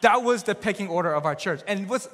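A man's voice: sits high, fast. A young man in his twenties, a youth pastor telling a personal story in a sermon, talking casually and acting out the dialogue. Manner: conversational, animated, acts out quoted dialogue. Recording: reverberant hall.

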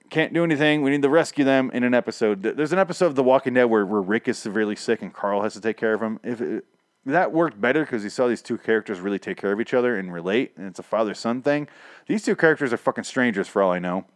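A man's voice: mid-range voice, no echo, clean studio sound. A man casually recapping and reviewing a TV episode, rambling and sarcastic, swearing often and acting out the characters' lines.

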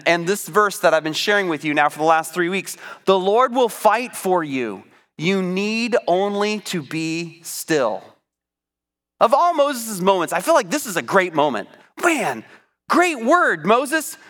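A man preaching a sermon, teaching from the Bible in an animated, conversational way. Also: sits high, moderate pace.

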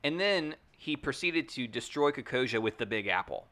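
A man co-hosting a casual discussion, animated and emphatic, punctuating points with "right?". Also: mid-range voice, fairly quick. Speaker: podcast co-host.

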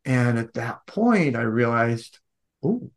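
Soft-spoken man recounting his childhood. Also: lowish voice, a little slow. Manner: earnest, gentle, with frequent restarts and "you know". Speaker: podcast guest. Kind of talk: reflective storytelling interview.

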